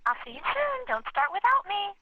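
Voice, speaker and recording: An actress playing a sweet, gentle, caring cartoon girlfriend in a video game, heard over a phone. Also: extremely high pitch, sing-song, normal speed, dry recording. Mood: concerned. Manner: soft, caring, fussy. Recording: muffled phone call with hiss.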